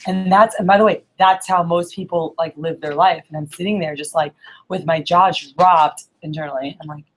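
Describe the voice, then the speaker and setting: A woman's voice: on the low side, steady tone, normal speed. A woman telling a story to a group in a casual, chatty way. She fills her speech with "like" and keeps checking in with "right?". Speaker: speaker at a group meeting.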